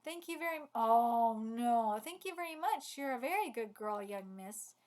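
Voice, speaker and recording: A woman's voice: a little high, expressive, normal speed, darkish tone, lightly acted. A woman reading the lines of a courteous old lady, hesitant and polite.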